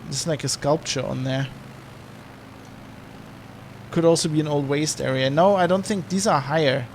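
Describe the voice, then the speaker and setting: A man's voice: a little high, slight background noise. A man giving casual, rambling commentary while flying, thinking aloud with many fillers. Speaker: flight sim streamer.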